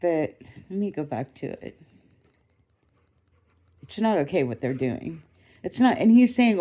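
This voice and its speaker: A woman's voice: on the low side, very animated, measured pace, pauses often, dark tone. A woman ranting in a rambling, indignant way, with swearing, recorded on a phone at home. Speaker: vlogger. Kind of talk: casual ranting commentary to a phone.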